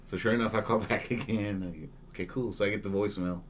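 A man in a casual podcast chat, telling an animated story and acting out both sides of phone calls. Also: lowish voice, fast talker, a little hiss or hum. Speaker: podcast guest.

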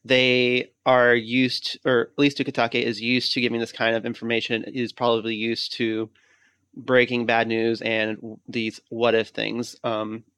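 A podcast co-host in casual chat, talking in a measured way and reasoning points through. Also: mid-range voice, level tone, a bit bright, clean tone, dry recording.

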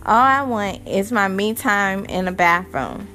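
A young adult woman hosts her own podcast, speaking at medium pitch and a measured pace over soft background music. In a casual monologue she tells exasperated parenting stories, animated and laughing frequently.

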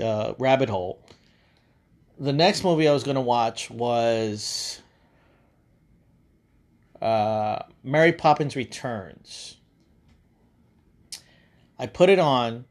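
A man hosting a podcast in casual chat, rambling and swearing freely between laughs. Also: mid-range voice. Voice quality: rambling, profane, laughs often. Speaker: podcast host.

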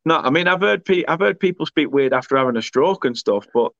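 A man's voice: a little high, animated, fast talker, gravelly, a bit bright, dry recording, highs cut off. Chatty man hosting a talk show. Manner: chatty, laughs often, reads comments aloud. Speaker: podcast host reading viewer comments. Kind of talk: casual chat.

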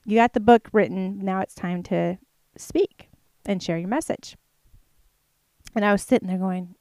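A woman's voice: mid-range voice, measured pace, pauses often, darkish tone, no room sound. A woman author sharing a personal faith testimony in a chatty, earnest way, with many fillers. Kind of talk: casual testimony to camera.

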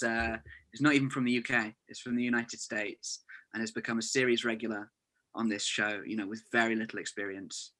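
A man's voice: lowish voice, flat delivery, a little fast, sharp tone. A man in his twenties, an actor, chatting as a podcast guest in an earnest way, often saying "you know". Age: 20s. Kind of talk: casual chat. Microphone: remote call.

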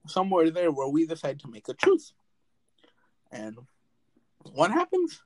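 A young man tells a long, rambling story to a friend on a podcast, cursing freely and laughing along with himself. His voice sits a little high for a man. The recording is close and dry, with no room sound. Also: expressive, normal speed, a little mellow, no room sound, poor audio. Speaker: podcast host. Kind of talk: casual chat.

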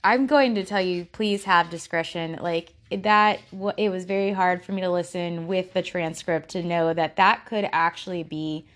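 A woman hosting a true-crime podcast, talking casually in a halting way with frequent restarts and fillers. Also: fairly low pitch, steady tone, fairly bright tone. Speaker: podcast host.

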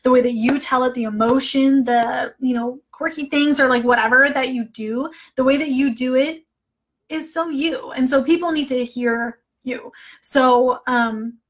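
A woman's voice: high voice, a little slow. A woman coach giving a casual recorded training talk, chatty and full of fillers, openly emotional as she speaks. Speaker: online business coach.

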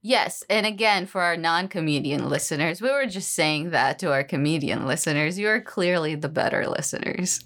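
A woman's voice: low voice, normal speed, hardly any pauses, fairly bright tone. A woman co-hosting a comedy podcast, bantering playfully with laughing asides. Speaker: podcast co-host.

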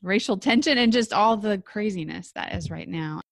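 A woman's voice: mid-range voice, lively intonation, moderate pace, gravelly. A woman hosting an interview podcast, talking in a reflective, affirming way and asking open questions. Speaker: podcast host. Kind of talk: interview conversation.

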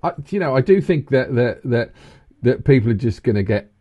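A man in his fifties co-hosting a casual chat, rambling and animated. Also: a little fast, muffled recording, heavy background noise. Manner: animated, rambling, breaks into high laughs. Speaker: co-host. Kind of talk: casual banter.

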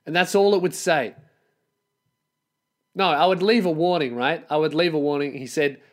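Young male podcast host, fairly high voice, sarcastic swearing rant. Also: normal speed, pauses often. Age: 20s. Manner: profane, exasperated ranting with sarcastic asides.

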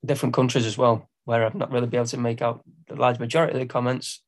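A man's voice: mid-range voice, flat delivery, very fast. A man with an English accent, a singer-songwriter guest on a podcast, who talks hesitantly with lots of ums and laughs at himself. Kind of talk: casual podcast interview.

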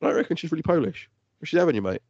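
A man's voice: fairly high pitch, lively intonation, very fast, darkish tone, breathy edge, dry recording. A man, co-hosting a podcast with sweary, teasing banter. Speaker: podcast co-host. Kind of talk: casual banter. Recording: dry, dull lo-fi recording.

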